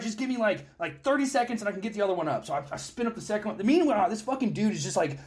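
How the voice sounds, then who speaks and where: Young man, high voice, casual podcast chat, animated, swears a lot. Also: racing, few pauses. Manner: animated, profane storytelling. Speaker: podcast host.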